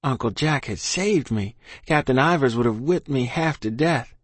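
A man reads a first-person story aloud in an earnest, steady manner. His voice sits at a middle pitch, and the recording is dry and close. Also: moderate pace, husky, no echo. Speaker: audiobook narrator.

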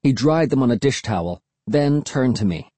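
A man narrating a first-person audiobook in an expressive, lively storytelling manner. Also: mid-range voice, moderate pace, husky, dry recording.

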